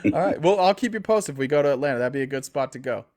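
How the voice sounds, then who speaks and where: A man's voice: medium pitch, animated, racing, a little mellow. A man hosting a call-in talk show, chatting casually with callers, teasing them and laughing often. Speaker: podcast host taking callers. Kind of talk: casual chat.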